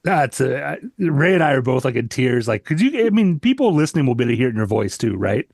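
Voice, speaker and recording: Man, podcast host, casual chat, mid pitch, dry sound. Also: big pitch swings, fast talker, darkish tone, dry recording.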